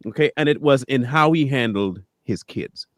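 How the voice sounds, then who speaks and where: A man's voice: medium pitch, normal speed, a bit bright, no echo. A man co-hosting a live talk stream, speaking casually and animatedly, acting out quoted voices and laughing often. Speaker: co-host.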